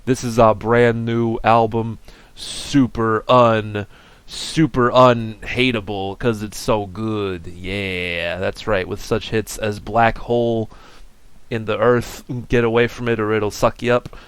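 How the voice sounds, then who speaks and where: A man's voice: lowish voice, flat delivery, slow, fairly bright tone, smooth, no echo. A man voicing a goofy, cheerful male bean mascot in a comedy sketch, rambling in silly, self-mocking ad patter. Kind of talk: comedy sketch, break-screen video.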